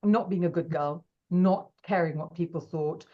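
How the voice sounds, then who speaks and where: A woman, an interview guest, telling her story with animated energy and acting out the lines of people in it. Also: fairly low pitch, moderate pace. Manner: animated, acts out quoted dialogue. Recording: dull lo-fi audio.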